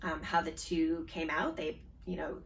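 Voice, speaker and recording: A woman's voice: deep voice, flat delivery, unhurried, gravelly, recorded from a distance, slight background noise. A woman in her forties with a Canadian accent, hosting a knitting podcast in a casual show-and-tell chat, with lots of ums. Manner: chatty, with frequent ums and restarts.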